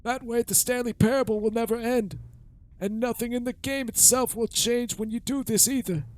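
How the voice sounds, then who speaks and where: A man putting on a high, scheming old man voice to read out a game character's lines. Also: steady tone, moderate pace, darkish tone, a little hiss or hum. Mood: scheming, gleeful. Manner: raised wavering put-on old man voice. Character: scheming old man pitching endless sequels.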